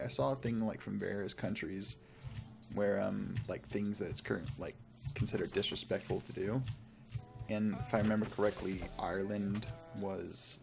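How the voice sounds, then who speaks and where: A man from Oklahoma, United States, rambles and chats casually while playing a game on a live stream. His voice is on the low side, with vocal fry.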